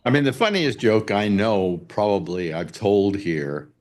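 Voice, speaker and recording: Against a noisy background, a man with a fairly low, sing-song voice talks unhurriedly. He's a radio talk show host chatting casually, telling jokes and meandering stories and lapsing into sung and acted voices.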